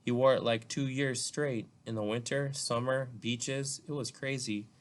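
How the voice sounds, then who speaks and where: A man's voice: mid-range voice, fairly even intonation, unhurried, natural voice. A man reading as a self-assured teen girl. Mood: knowing. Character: confident teenage girl, a little proud. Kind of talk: reading a novel aloud.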